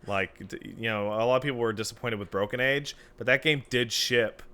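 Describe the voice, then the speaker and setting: A man co-hosting a casual podcast chat, animated and swearing, his voice climbing to loud peaks. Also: mid-range voice, a little fast. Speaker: podcast co-host.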